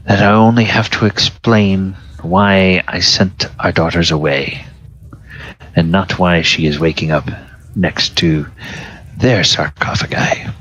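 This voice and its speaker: A man voicing a solemn giant king, a grieving father who speaks in a grave, measured way, in a tabletop game. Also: sits low, a bit bright, dry recording, exaggerated voice. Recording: dull lo-fi recording.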